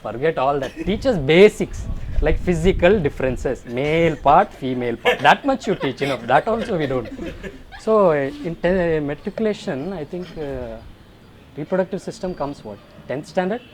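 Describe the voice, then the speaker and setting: A young man with an Indian English accent doing animated stand-up comedy, slipping into mock voices. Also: fairly high pitch, moderate pace. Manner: animated storytelling, puts on mock voices for laughs. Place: school alumni event hall. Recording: live room with crowd laughter and background noise.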